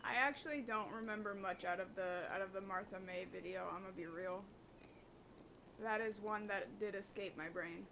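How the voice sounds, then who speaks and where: A woman's voice: medium pitch, normal speed, noisy background. A woman chatting beside a streamer, teasing him and quoting videos from memory. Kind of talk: casual chat.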